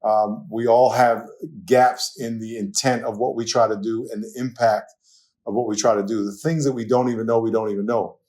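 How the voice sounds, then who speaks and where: New York-accented pastor telling stories. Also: male voice, mid-range voice, moderate pace. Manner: animated storytelling, laughs often. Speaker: pastor guest. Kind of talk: casual conversational interview.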